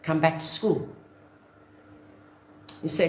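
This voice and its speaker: Animated woman coach. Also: on the high side, measured pace, pauses often, reverberant, a little hiss or hum. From South Africa. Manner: animated, acts out little scenes. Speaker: online business coach. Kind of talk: motivational talk to camera.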